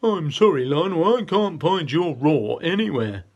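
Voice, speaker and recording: A man voicing a friendly male hippopotamus in a children's story, in a raised, loud voice. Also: a little high, sing-song, a little slow, muffled recording, pitched above the performer's own voice, full character voice. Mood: helpful.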